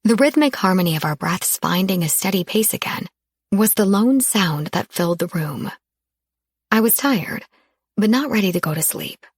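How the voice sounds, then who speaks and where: A woman narrating a first-person romance audiobook in a soft, intimate storytelling manner. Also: on the low side, husky, no room sound, studio quality.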